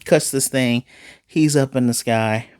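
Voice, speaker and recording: A man with an ordinary mid-range voice talks through an anime episode scene by scene. He is animated and quotes the characters' lines as he recaps them. The sound is dry, with no room echo. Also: medium pitch, unhurried, clear, resonant tone. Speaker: anime reviewer.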